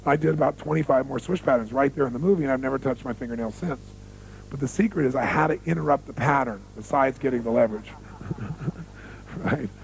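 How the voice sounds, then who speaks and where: A man telling stories in a motivational seminar, animated and full of rhetorical questions to the audience. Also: mid-range voice, a little fast, creaky, slight background noise, rough recording. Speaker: seminar speaker.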